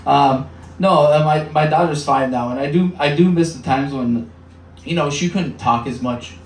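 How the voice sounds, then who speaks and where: A man in his thirties from Michigan's Upper Peninsula does a stand-up set in a small bar, talking conversationally with filler words and acted-out voices. His voice is a little high and moderately paced. The mic is heard from a distance in an echoey room with slight background noise.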